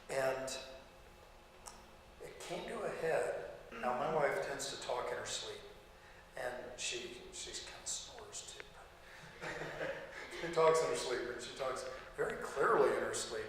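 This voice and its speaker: A man's voice: mid-range voice, animated, slow, long pauses. A middle-aged man teaching a class in a casual, folksy way, telling personal stories with chuckles. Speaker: lecturer. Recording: echoey hall with faint noise.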